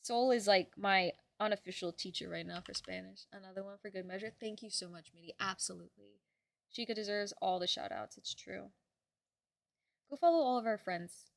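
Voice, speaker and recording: A young woman streamer chatting casually with her viewers, bubbly and quick to swear. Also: medium pitch, gravelly.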